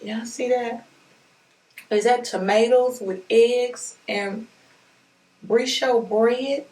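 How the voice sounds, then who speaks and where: A woman chatting casually through an unboxing, gushing and excitable as she talks straight to her viewers. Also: a little high, very slow. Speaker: unboxing vlogger. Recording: roomy echo, mic at a distance.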